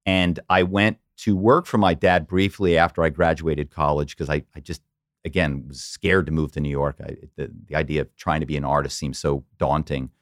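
A middle-aged man from the Philadelphia area, an animated storyteller who slips into quoted voices as a podcast guest. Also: extremely low pitch, normal speed, dry recording, clean studio sound. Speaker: podcast guest, former corporate spy. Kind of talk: casual interview storytelling.

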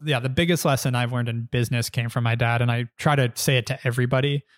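A man's voice: mid-range voice, quick pace. Thirties guy, business founder, blunt swearing storyteller, faint music behind him. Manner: blunt, profane, animated storyteller. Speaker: agency founder and guest. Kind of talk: casual interview storytelling.

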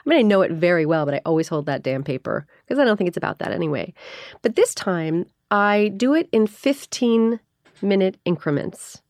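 A woman in her forties, an actress, chatting in an interview and acting out her own thoughts in quick, lively asides. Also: on the low side, dry recording, studio quality. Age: 40s. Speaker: actress guest. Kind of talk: casual interview chat.

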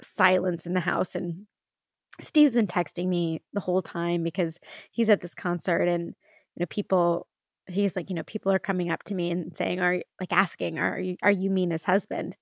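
A woman's voice: fairly low pitch, steady tone, moderate pace, gravelly, dry recording. Woman in her thirties, solo podcast host, emotional and rambling, casual swearing, dry close sound. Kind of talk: candid solo podcast talk.

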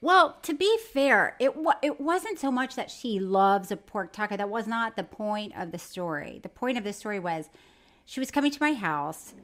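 A middle-aged woman from Florida co-hosting a comedy podcast, chatty, quick to laugh, and eager to tell her stories. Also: mid-range voice, big pitch swings, fairly bright tone. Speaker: podcast co-host. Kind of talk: casual comedic chat.

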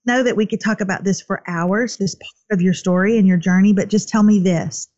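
A woman's voice: medium pitch, fairly even intonation, fairly quick, no room sound, muffled recording. A woman hosting an interview, responding appreciatively and quoting from the guest's book. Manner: warmly appreciative, reads quotes aloud from a book. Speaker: host.

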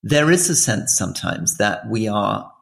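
A man's voice: on the low side, very animated, measured pace, creaky, a bit bright. A man in his forties co-hosting a political podcast, explaining things in an earnest, thoughtful way. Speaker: podcast co-host. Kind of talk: casual political chat.

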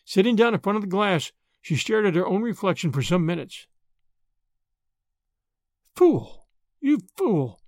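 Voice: medium pitch, expressive, fairly quick, few pauses, no echo. Audiobook narrator, reads with lots of ups and downs, dead dry sound. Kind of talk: scripted narration.

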